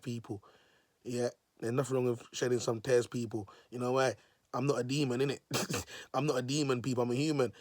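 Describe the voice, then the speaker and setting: A man's voice: mid-range voice, no echo, clean studio sound. A man, a self-styled prophet preaching in a vlog, repeating himself and calling his listeners "people". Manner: repetitive, emotional, restarts phrases.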